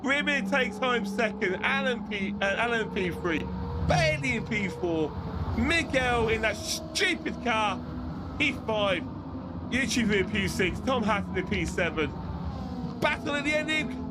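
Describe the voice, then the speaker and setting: A man commentating online races on his live stream, shouting during close finishes and then chatting loosely to his viewers while out of breath. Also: very high voice, animated, a little slow, very noisy. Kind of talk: live race commentary and casual chat.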